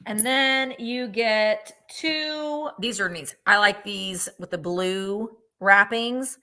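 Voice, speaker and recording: A woman's voice: medium pitch, takes it slowly, pushed and bright. A woman co-hosting a live sale, chattily walking through each lot. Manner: chatty, upbeat selling. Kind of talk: livestream sales pitch.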